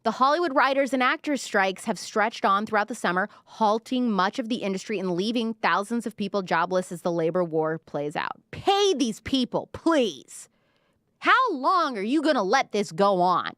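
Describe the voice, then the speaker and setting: A woman's voice: mid-range voice, animated, moderate pace, few pauses, a bit bright, no echo, clean studio sound. A woman hosting a live-stream commentary show, talking sarcastically and mockingly. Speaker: podcast host.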